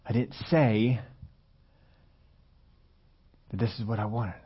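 A man preaching a conversational sermon, at times rising loud and emphatic. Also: lowish voice, fairly even intonation, brisk, slightly rough, highs cut off. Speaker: pastor.

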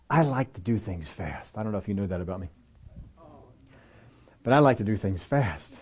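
A male preacher giving a casual, animated sermon, acting out little dialogues and telling stories from his own working life. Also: mid-range voice. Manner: animated, acts out dialogue voices. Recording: dull, lo-fi audio recording.

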